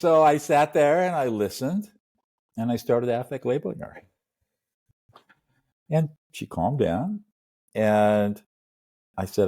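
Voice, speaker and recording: An older man, a mediator and podcast guest, telling stories in an earnest, animated way and acting out little scenes. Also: mid-range voice, slow pace, pauses often. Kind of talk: storytelling interview talk.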